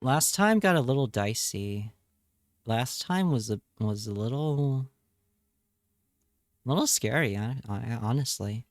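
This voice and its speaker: A man's voice: mid-range voice, expressive, a little slow, long pauses, dry recording, studio quality. A man chatting casually on a live stream, reading chat aloud and joking around. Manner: playful, jokey, reads chat aloud.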